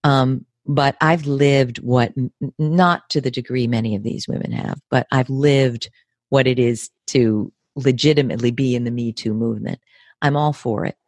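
A woman's voice: a bass voice, fairly even intonation, darkish tone, no echo. Emphatic American woman in her fifties. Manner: measured, emphatic, repeats words for stress. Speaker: interview guest. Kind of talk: earnest conversational interview.

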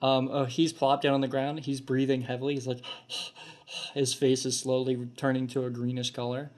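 A man at a medium pitch runs a tabletop game as its game master. He narrates the scene with frequent ums and small restarts. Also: level tone, normal speed, a little mellow. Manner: hesitant with many ums, voices the kobolds.

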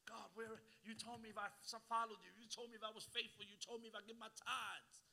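A man, preaching a sermon as a guest pastor, swinging from hushed asides to shouting and calling on the congregation to answer. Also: sits high, level tone, fairly quick, creaky, a little hiss or hum.

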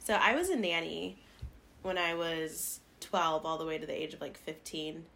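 A woman's voice: low voice, moderate pace, gravelly, sharp tone. A young woman from Las Vegas, co-hosting a podcast and telling stories in a chatty way, often laughing. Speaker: podcast co-host. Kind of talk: casual chat.

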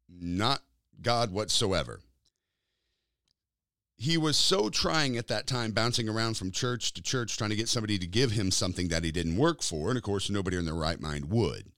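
A man preaching in a conversational style, emphatic, drawing out key words and jumping up in pitch to stress them. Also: a bit bright, no room sound, clean studio sound. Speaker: pastor.

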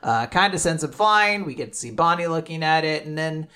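A man co-hosting a casual podcast, recapping manga chapters and quickly acting out the characters' lines. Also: fairly high pitch, clean tone. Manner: animated recap with quick put-on character voices. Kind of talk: casual chat.

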